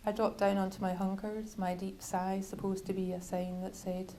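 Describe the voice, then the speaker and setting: Woman author, measured bookshop reading, level even delivery. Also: mid-range voice, a little hiss or hum, poor audio. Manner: measured, literary reading with wry asides. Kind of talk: reading from her novel.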